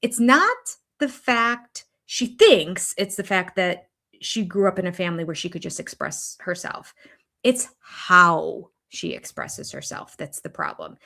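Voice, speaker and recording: A woman's voice: fairly low pitch, very animated, a little slow, gravelly, sharp tone. An older woman hosting a reaction channel, giving chatty, opinionated commentary that wanders into rambling asides.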